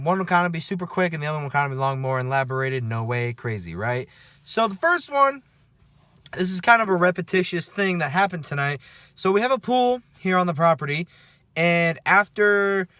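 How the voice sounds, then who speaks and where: A man's voice: a little high, sharp tone, no room sound. A man working night-shift security, telling stories from his shift in a casual, profane vlog, often checking in with the listener. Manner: chatty, profane, keeps checking in with "okay?" and "right?". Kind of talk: casual after-work storytelling vlog.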